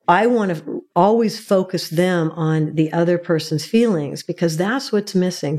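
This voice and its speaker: A middle-aged woman with a somewhat low, mellow voice, speaking as a guest expert. She explains in an earnest, teacherly way, counting through her points one at a time. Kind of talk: explaining in an interview.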